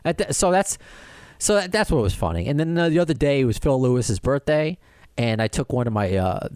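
Fairly quick and medium-pitched, this middle-aged podcast host's clean voice carries an animated, rambling anecdote packed with restarts and performed quotes. It's studio-quality audio without echo.

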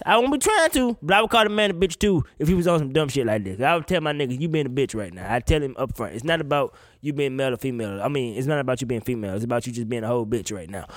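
Animated tipsy man ranting. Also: mid-range voice, racing, hardly any pauses, no room sound, studio quality. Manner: animated, incredulous, swears often, laughs. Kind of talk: casual opinion rant.

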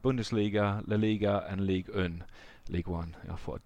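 A man's voice: on the low side, steady tone, normal speed, darkish tone, highs cut off. A man co-hosting a casual football podcast, chatty and rambling, often laughing. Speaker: podcast co-host. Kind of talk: casual chat.

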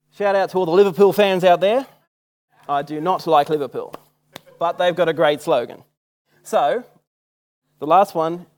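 A young Australian man preaching a sermon in a casual, self-mocking storytelling way. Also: fairly high pitch. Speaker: church speaker. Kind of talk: sermon with personal stories.

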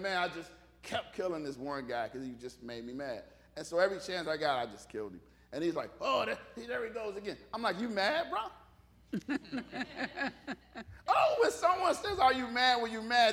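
A man preaching a casual, humorous sermon, animated and conversational, joking with the congregation. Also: on the high side.

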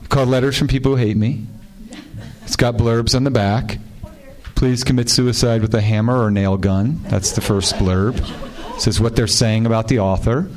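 A man's voice: mid-range voice, normal speed, darkish tone, slight background noise. Wry, laughing male author. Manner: wry, amused, often breaking into laughter. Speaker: author on a panel. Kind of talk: telling stories and reading letters aloud to an audience.

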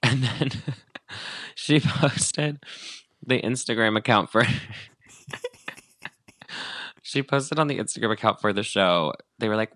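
A man's voice: on the low side, slow pace, long pauses, a bit bright, no echo. A man co-hosting a podcast, chatting casually about celebrity gossip and acting out quotes with lots of fillers. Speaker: podcast co-host.

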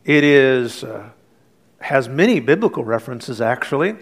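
A middle-aged male pastor preaching a sermon, telling stories with earnest warmth and light humor, then leading a prayer. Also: medium pitch, expressive, normal speed.

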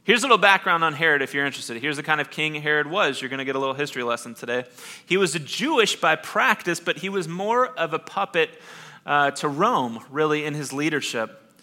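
A man pastor preaching a sermon, dropping to soft hushed lines and rising to loud emphatic bursts. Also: on the high side, expressive, fairly quick.

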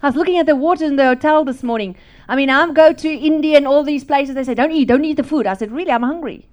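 A middle-aged woman from South Africa preaching a testimony sermon, animated and laughing, swinging from loud to hushed. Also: high-pitched, fairly quick, some chatter behind.

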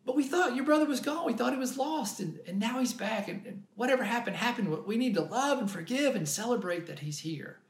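A man voicing a gentle father who reassures and pleads with his son. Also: very high-pitched, lively intonation, brisk, few pauses, pitched above the performer's own voice. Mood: pleading. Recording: roomy echo.

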